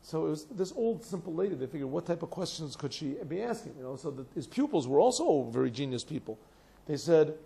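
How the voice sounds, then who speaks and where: Gravelly-voiced man teaching a class. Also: a little high. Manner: animated storytelling, acts out quoted voices, laughs often; translates phrases slowly word by word. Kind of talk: classroom lecture with stories.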